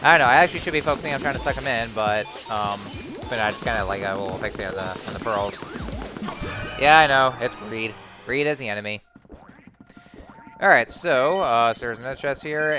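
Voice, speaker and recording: A young man giving casual, rambling commentary while playing a video game, with excited outbursts. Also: medium pitch, fast talker, over music. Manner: rambling, many fillers and restarts, excitable outbursts. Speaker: let's play host.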